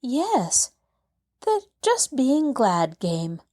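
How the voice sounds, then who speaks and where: A woman's voice: high-pitched, wildly swooping pitch, drawn-out words, pitched above the performer's own voice, full character voice. A woman voicing a cheerful eager little girl. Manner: bright, eager and earnest.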